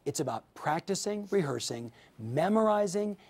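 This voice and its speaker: Middle-aged guy running a sales training, pitch jumps all over, upbeat coaching voice, acts out little dialogues. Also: moderate pace. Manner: energetic, animated coaching with acted-out sample dialogues. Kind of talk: training video lecture.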